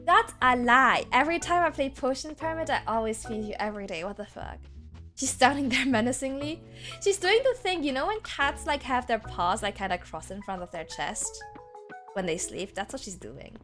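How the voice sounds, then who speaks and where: A woman's voice: fairly high pitch, animated, normal speed, fairly bright tone. A young woman streaming a game, chatting casually and giggling, sometimes switching between English and German. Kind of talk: casual gaming stream chat. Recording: faint background game music.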